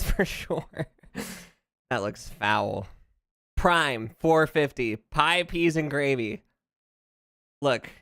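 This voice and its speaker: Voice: mid-range voice, clear, resonant tone, dry recording, studio quality. A streamer from the United States, chatting casually over gameplay and ranting in a jokey way. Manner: animated, jokey, ranting, laughs often. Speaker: VTuber streamer. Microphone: close streaming mic.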